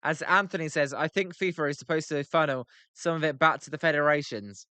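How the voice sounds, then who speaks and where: Here the young British livestream host sounds a little high, bright, and forceful, clear and resonant, talking fairly quickly in a dry recording. He reacts to a baseball game with casual commentary, bantering with chat and toying with how words are pronounced.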